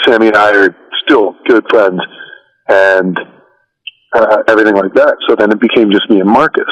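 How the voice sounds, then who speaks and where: A man as an interview guest, telling stories in a relaxed, rambling way with many fillers. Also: fairly low pitch, dull audio. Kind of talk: casual storytelling interview.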